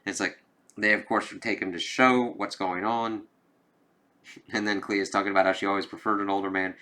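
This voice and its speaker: A man's voice: fairly low pitch, flat delivery, brisk, sharp tone. A man giving a casual, rambling comic book review, swearing now and then. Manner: rambling, loose, with swearing and filler phrases.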